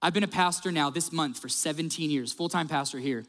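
A male pastor preaching a sermon, telling stories in a lively way and acting out the quotes. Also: fairly high pitch, fairly quick, long reverb tail. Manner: animated storyteller, acts out quotes.

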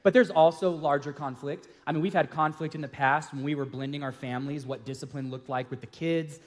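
A man's voice: a little high, fairly even intonation, fairly quick. Earnest storytelling man, roomy reverb. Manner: earnest, storytelling, self-deprecating. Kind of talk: casual sermon-style talk on marriage. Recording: hall reverb.

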